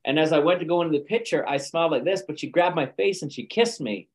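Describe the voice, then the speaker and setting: A man, an actor and speaker, telling lively anecdotes in a podcast interview with frequent chuckles. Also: on the high side, fast talker, low-quality recording. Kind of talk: conversational storytelling.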